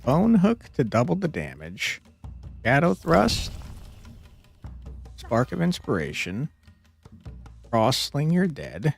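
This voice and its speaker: His mid-range voice swoops wildly in pitch, slow and creaky with frequent pauses, against faint music. Streaming a card game live, the young man talks to his chat between moves, cursing heavily and venting with frustrated outbursts and laughs when fights are tough.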